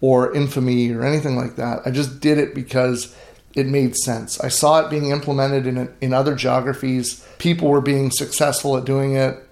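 In a level tone and at normal speed, a man with a medium-pitched, darkish voice and vocal fry is recorded in an echoey room. This middle-aged grain farmer, telling stories in an interview, is earnest and emphatic and frequently restarts his sentences.

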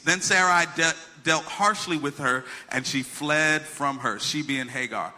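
A pastor preaching a sermon, reading scripture with humorous asides and telling a childhood story in a conversational way. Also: male voice, fairly high pitch, unhurried, sharp tone.

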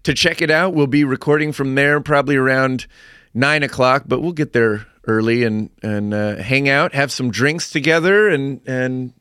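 A man hosting a podcast in casual chat, upbeat and quick to laugh, reading out the sign-off plugs. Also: medium pitch, fairly bright tone, smooth, no room sound, studio quality. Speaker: podcast host.

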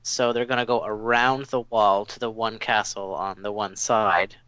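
A man co-hosting a casual podcast chat, relaxed and swearing casually. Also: lowish voice, normal speed. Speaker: podcast co-host. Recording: dull, dry lo-fi recording.

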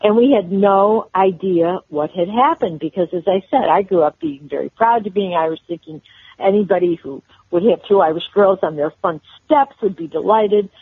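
An older woman from Chicago, a guest telling personal stories in an interview, with halting restarts. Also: mid-range voice, husky, no room sound. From Chicago, USA. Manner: warm storyteller, halting restarts. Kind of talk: storytelling interview. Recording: tinny phone-line audio.

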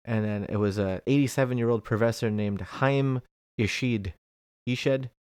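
A man's voice: mid-range voice, moderate pace, a little mellow, clean tone, no room sound, studio quality. A man co-hosting a casual podcast chat, laid-back and laughing easily, swearing casually.

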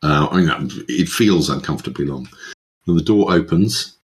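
Casting: male game master, very low voice, halting narration with lots of fillers. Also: lively intonation.

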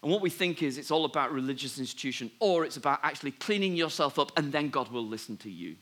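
A man preaching a sermon, telling a Bible story with lively asides and dropping softly when he gives God's words. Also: a little high, fast talker. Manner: animated storytelling, drops to soft voice for God's words. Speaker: pastor.

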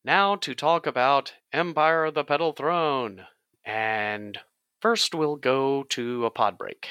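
A man's voice: mid-range voice, slow pace, sharp tone, smooth, no room sound. A man hosting a podcast about tabletop games, chatting casually and jokily while he explains the rules. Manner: jokey, explains game rules at length. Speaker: podcast host.

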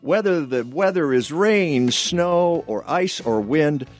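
A man hosting a radio talk show, reading sponsor spots with playful, drawn-out emphasis. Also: on the high side, animated, soft background music. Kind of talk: radio talk and live ad reads.

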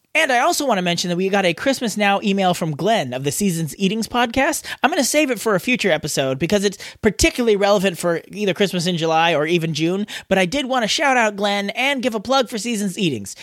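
A man's voice: sits high, a bit bright, dry recording, clean studio sound. A man from California hosting a podcast, chatting playfully with his co-host. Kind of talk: casual podcast banter.

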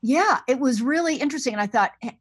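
Woman scholar, podcast guest on a remote line; soft, thoughtful, unhurried, dry sound. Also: high-pitched, animated, husky, dry recording. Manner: soft-spoken, thoughtful, with frequent fillers. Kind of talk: podcast interview over the phone. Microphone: remote call line.

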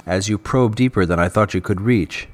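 A man's voice: lowish voice, normal speed, lightly acted. A man voicing a grave mind construct. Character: calm, mysterious male mind construct.

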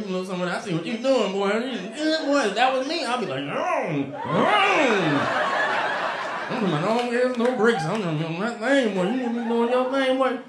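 A man's voice: very high voice, reverberant, heavy background noise, voice pushed up. A man putting on a mumbling, drawling old uncle. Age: older.

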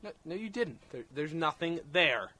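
A man's voice: very animated, moderate pace, bright, forceful tone. A man voicing a pushy, skeptical talk show host who gets flustered and shrieks when bitten, on an old homemade demo recording. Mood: incredulous. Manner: high-pitched, ends in shrieks of pain.

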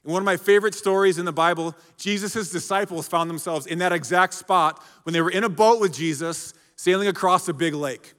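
High bright-voiced preacher in an echoey hall. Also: male voice, a little fast, hardly any pauses. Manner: conversational, keeps checking in with the congregation. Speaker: pastor. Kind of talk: sermon.

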